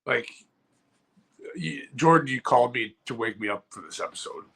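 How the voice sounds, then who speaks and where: A man's voice: medium pitch, moderate pace, gravelly, a bit bright, slightly rough. A man co-hosting a comedy podcast, telling rambling stories in casual chat and laughing as he talks. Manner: rambling, laughs mid-story.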